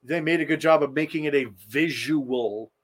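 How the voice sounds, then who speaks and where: A man's voice: fairly high pitch, moderate pace. A man co-hosting a podcast in casual chat, blunt and opinionated. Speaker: podcast co-host.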